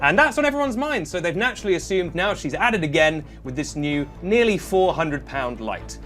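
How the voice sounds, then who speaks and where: A man's voice: on the high side, brisk, soft background music. Guy doing jokey news, dry sarcasm, voice swoops up and down a lot. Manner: sarcastic, deadpan jokes, breaks into laughter. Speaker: host. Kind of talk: comic news presenting.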